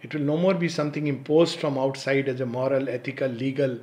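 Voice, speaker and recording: A man giving a reflective spiritual talk, reciting poetry slowly and laughing often as he explains. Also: medium pitch, level tone, a little mellow. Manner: thoughtful, laughs often, slow deliberate recitation. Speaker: spiritual teacher and speaker.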